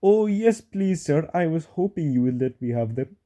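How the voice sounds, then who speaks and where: Guy doing a sweet polite old old train engine, soft and mellow. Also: a little high, animated, moderate pace, voice pushed up, natural voice. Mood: glad. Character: kind wise very old male engine.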